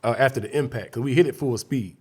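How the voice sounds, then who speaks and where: A man's voice: mid-range voice, fast, slightly rough. A man from Chicago, a guest comedian, telling a story in a casual interview, acting out scenes and voices vividly.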